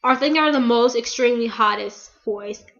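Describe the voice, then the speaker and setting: A teenage American girl talks fast and loose in a casual fan vlog, gushing and rambling with endless fillers. Her voice sits high, and the recording is dull and lo-fi like an old webcam. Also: a bit bright. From United States. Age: teen. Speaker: vlogger.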